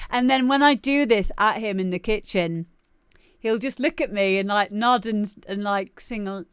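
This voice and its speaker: Brief: female stream host, smooth clear voice, dry close sound, loose giggly chatter. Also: mid-range voice, measured pace, no echo. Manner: chatty and giggly, rambling with many fillers. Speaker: livestream show host. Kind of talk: casual livestream chat.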